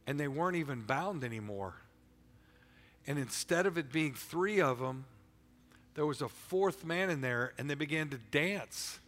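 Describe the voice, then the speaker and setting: A man's voice: a little high, a little slow, in a large hall. A man preaching a sermon in a church, talking casually and with energy, often repeating and restarting words. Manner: energetic, colloquial, repeats himself, stumbles over words. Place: church sanctuary.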